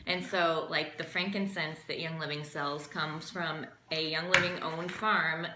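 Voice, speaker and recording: A woman leads a casual, improvised class, chatty and filled with ums. Her voice is forceful and on the low side. The room is echoey, with faint noise behind her. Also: steady tone, a little slow. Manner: chatty, filler-heavy, laughing asides. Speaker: essential oil class teacher.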